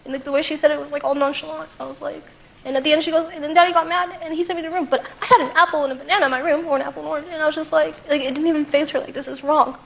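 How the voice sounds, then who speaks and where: A woman's voice: high-pitched, steady tone, creaky, a bit bright. A woman, a mother and talk show guest, telling her story in a rush, full of fillers and retold dialogue. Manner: rapid, full of "like", retells her child's words. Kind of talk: emotional testimony on a talk show.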